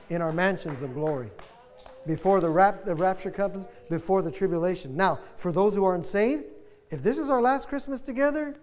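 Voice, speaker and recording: An older male pastor preaching with a high, ringing voice. He is animated and climbs to loud fervor. His words carry a long church-hall reverb. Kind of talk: sermon. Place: church sanctuary.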